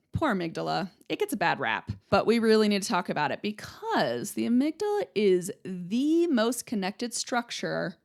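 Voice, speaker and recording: Young woman host teaching brain stuff, chatty, lots of "right?" and "okay?", mid-pitched voice. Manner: chatty, explains with analogies, checks in with "right?" and "okay?". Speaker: podcast host, speech-language pathologist. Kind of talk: casual educational podcast lecture.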